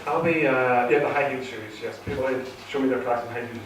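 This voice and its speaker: A man talks at a quick pace in a medium-pitched voice during his first stand-up set, nervous, rambling and restarting, with many fillers. He's on a theatre stage with a live audience. The far-off recording in the echoing hall is very noisy.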